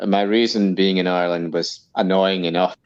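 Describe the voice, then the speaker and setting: A man's voice: low-pitched, fairly even intonation, moderate pace, muffled recording. A man joining a casual livestream as a guest, telling long, rambling anecdotes. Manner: long-winded anecdotal storytelling. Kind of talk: casual live-stream chat.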